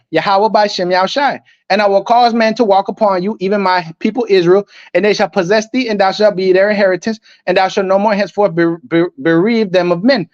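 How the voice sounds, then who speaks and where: A man with a notably high voice delivers a fiery sermon, moving between slow scripture reading and combative, profane commentary. The sound is muffled and lo-fi, yet close and dry, with almost no echo. His delivery stays declamatory and defiant throughout. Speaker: preacher. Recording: dull, muffled lo-fi audio.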